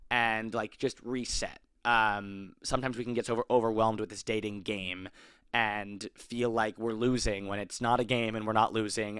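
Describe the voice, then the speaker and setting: A man's voice: fairly low pitch, a bit bright, smooth, dry recording, studio quality. A young man in his twenties hosting an advice podcast, talking casually with lots of fillers and self-corrections. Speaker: podcast host.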